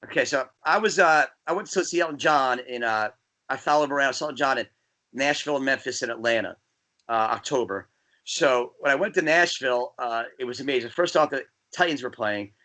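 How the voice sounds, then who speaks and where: A man from New Jersey, a guest DJ, chatting casually and telling rambling, animated stories. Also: mid-range voice, fairly quick. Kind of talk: casual podcast chat.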